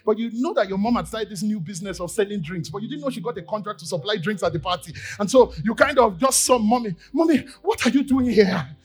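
A Nigerian man preaching a sermon in church, acting out little scenes in quoted voices and swinging from loud bursts to quiet asides. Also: high-pitched, expressive, fast talker, few pauses. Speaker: pastor. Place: church service.

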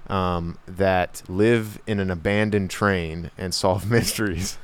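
A man's voice: sits low, steady tone, takes it slowly, clean tone. A young man chatting casually with a friend about a movie, rambling and joking, with lots of restarts. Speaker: co-host reacting to a movie trailer. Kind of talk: casual chat.

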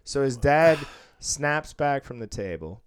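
A man in his thirties tells a work story in relaxed chat, cursing often and slipping into the voices of the people he quotes. His voice is smooth and clear. The sound is dry, with no room echo. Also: medium pitch, slow pace. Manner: profane, animated, acts out quotes. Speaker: casino supervisor telling a story.

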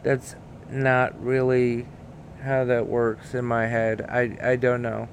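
A man talks through his solo podcast in a slow, halting way, full of filler sounds and restarts. He swears casually, and his voice sits at a middle pitch. A faint background noise runs underneath. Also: monotone. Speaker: podcast host.

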